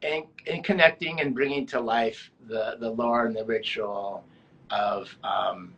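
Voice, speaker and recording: A man interviewing a guest, asking casual, halting questions full of fillers. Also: on the low side, vocal fry, fairly bright tone, husky, poor audio. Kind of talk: conversational interview.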